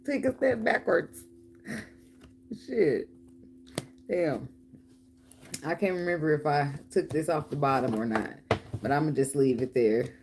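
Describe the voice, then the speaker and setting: A middle-aged woman with a notably low voice talks through a tarot reading in a loose, joking way. She swears freely, laughs often and teases her listeners. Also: unhurried, pauses often, background noise. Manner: profane, laughing, playful banter. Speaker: tarot reader.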